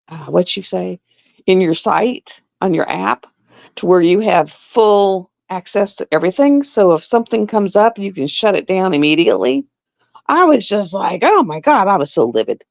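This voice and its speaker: Lady chatting on a live stream, lots of laughs and voices, gravelly, kinda muffled dry sound. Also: medium pitch, no room sound. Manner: animated, laughing, acts out voices. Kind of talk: casual storytelling chat. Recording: dull lo-fi sound.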